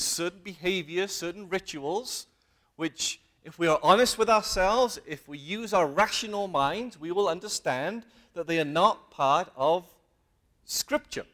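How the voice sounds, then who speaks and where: A lay preacher delivers an earnest sermon to his congregation in a meeting hall, his voice high-pitched and slightly bright. He often poses questions and drives his points home with emphatic rises.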